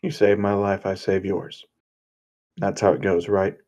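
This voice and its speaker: Man reading friendly teasing young heroine, low unhurried voice. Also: flat delivery, darkish tone.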